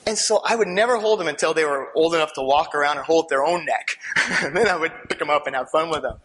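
A man sharing a personal testimony with an audience, storytelling in an animated way, laughing and swinging from hushed asides to excited outbursts. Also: a little high, fast, breathy edge.

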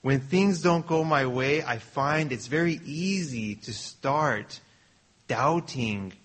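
A man's voice: medium pitch, slow pace, fairly bright tone. A man preaching a sermon in an earnest, personal way, often restarting his phrases.

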